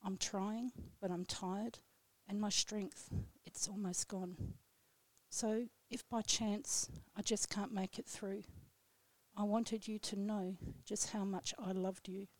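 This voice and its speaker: Solemn woman reciting a poem, flat tone. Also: mid-range voice, dry recording. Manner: slow, solemn, measured recitation. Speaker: radio guest poet. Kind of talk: reading her own poem aloud. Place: radio studio.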